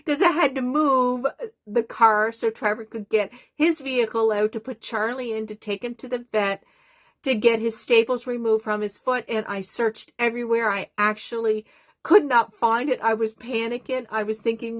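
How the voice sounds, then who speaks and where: A woman's voice: a little high, steady tone, moderate pace, a bit bright, dry recording. An older woman talking to her camera in a small doll room at home, rambling and emotional, often losing her train of thought. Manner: rambling, emotional, easily sidetracked. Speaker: vlogger. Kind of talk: casual talk to camera.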